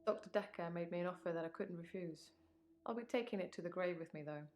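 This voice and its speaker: An actress voicing a calm, evasive woman patient answering a doctor's questions in a game. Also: lowish voice, quick pace, close to an everyday voice. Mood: guarded. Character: guarded grieving woman patient under questioning. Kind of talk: game voice acting.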